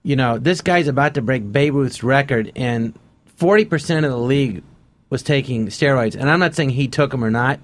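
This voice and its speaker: A man of ordinary pitch chats in a radio studio as a guest comedian. He rambles through anecdotes and slips into the voices of people he quotes. His talk stays loose and conversational. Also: moderate pace. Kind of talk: casual storytelling on a radio interview.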